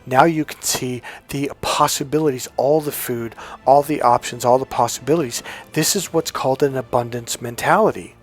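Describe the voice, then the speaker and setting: A man coaching on self-help, telling a personal story in a casual, animated monologue, often restarting his sentences. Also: mid-range voice, moderate pace, hardly any pauses, faint music behind. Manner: animated storytelling, breaks into loud acted-out dialogue; frequent restarts and stumbles.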